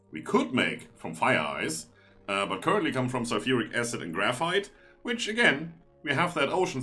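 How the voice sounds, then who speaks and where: A man's voice: medium pitch, bright, forceful tone. A man streaming a game live, chatting and explaining each step as he plays.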